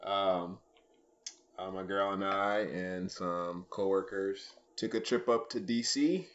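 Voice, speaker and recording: Low-voiced dude co-hosting a podcast, lots of ums, kinda muffled recording, faint hiss behind. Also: male voice, slow pace, a bit bright. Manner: rambling, many ums and uhs. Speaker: podcast co-host. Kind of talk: casual chat.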